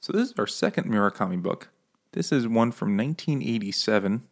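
A man's voice: on the low side, animated, a little fast. A man, co-hosting a casual book chat over beers, rambling and laughing often at his own jokes. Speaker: podcast co-host.

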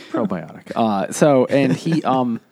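A man's voice: medium pitch, lively intonation, slow, a little mellow. A man co-hosting a casual book club podcast, retelling a story with lots of fillers and restarts. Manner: rambling plot summary with many fillers. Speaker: podcast co-host.

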